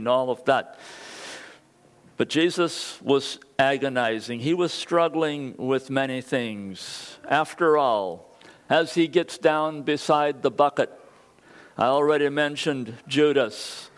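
A man preaching a sermon, telling a personal story earnestly and building excitement at key moments. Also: mid-range voice, slow pace, clean tone.

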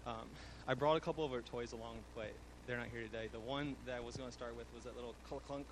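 A man's voice: mid-range voice, steady tone, quick pace, background noise. A young man giving a fond eulogy for his grandmother, chuckling often and using fillers. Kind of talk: eulogy speech.

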